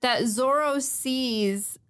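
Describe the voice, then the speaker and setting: A woman's voice: high voice, extremely slow, a bit bright. A young woman co-hosting a podcast, chatting casually in a blunt way, swearing often and laughing easily. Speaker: podcast co-host. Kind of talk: casual chat.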